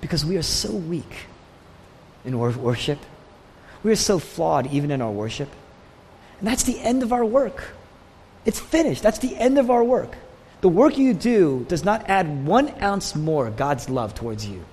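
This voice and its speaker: A male pastor preaching a sermon, swinging from loud declarations down to hushed near-whispers. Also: fairly high pitch, lively intonation, a little slow, a little hiss or hum. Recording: long hall reverb with faint ambience.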